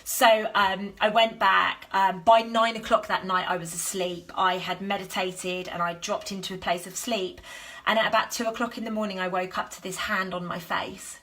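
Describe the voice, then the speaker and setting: A woman with a bright, forward voice tells a personal story to her viewers on a live stream. She speaks earnestly and animatedly, acting out what people said. Her pitch sits in a middle range for a woman. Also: normal speed. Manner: animated, earnest, acts out dialogue in her stories. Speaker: health coach and business founder.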